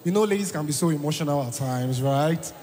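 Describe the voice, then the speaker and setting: High-voiced scolding man in a hall. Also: fairly quick, a little mellow. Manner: scolding, mock-boastful. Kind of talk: staged church skit. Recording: long hall reverb, from far off.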